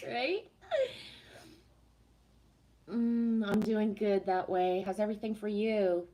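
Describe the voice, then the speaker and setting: A woman's voice: medium pitch, lively intonation, moderate pace, darkish tone. A woman chatting casually on a live stream, reading the chat, swearing freely and laughing at herself.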